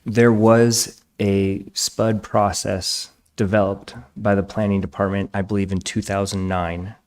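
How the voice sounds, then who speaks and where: A man's voice: on the low side, darkish tone. A man from planning staff explaining a process to a commission in a matter-of-fact way. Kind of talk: explaining at a public meeting.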